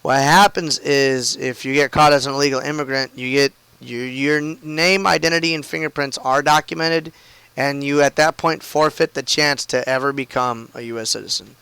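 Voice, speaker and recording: A man's voice: medium pitch, steady tone, moderate pace, creaky, sharp tone, clear, resonant tone, no echo, poor audio. A man streaming a game from home and telling a long story in a casual, rambling way, full of "like" and "I mean" and loose swearing.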